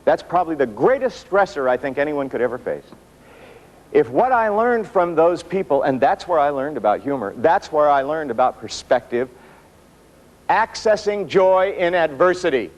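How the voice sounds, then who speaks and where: A man giving a motivational workshop talk to an audience in a room, telling stories with self-mocking humor and dramatic pauses. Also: on the high side, very animated, low-quality recording. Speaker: motivational speaker.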